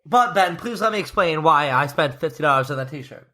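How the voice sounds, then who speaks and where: A man's voice: fairly high pitch, animated, fairly quick, bright, forceful tone. A young man co-hosting a podcast in casual, joking chat. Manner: playful, jokey, puts on hype voices. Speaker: podcast co-host.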